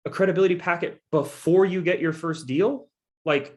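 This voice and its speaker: His voice sits high and moves at normal speed, though the recording has its highs cut off. The man is a guest speaker giving a real estate investing coaching talk, casual yet emphatic and persuasive, frequently reassuring listeners and calling them "guys."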